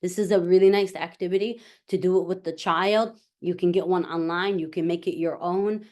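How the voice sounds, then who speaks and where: A woman's voice: lowish voice, fairly even intonation, normal speed, a little mellow. Conversational woman leading a parent workshop. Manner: conversational, repeats points, frequent "right?" checks. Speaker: workshop presenter. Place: library meeting room.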